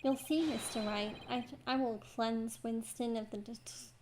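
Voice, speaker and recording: A woman's voice: a little high, fairly even intonation, a little slow, noisy background, natural voice. A woman reading a smug sneering male prosecutor. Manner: snide, self-satisfied. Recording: game music behind.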